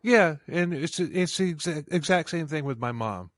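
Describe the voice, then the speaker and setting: A high-pitched male podcast host speaks in a casual interview. He talks with passion, stumbling over his words and restarting his sentences. The sound is dry and close, with no room echo. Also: animated, moderate pace, a bit bright. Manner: impassioned, many restarts.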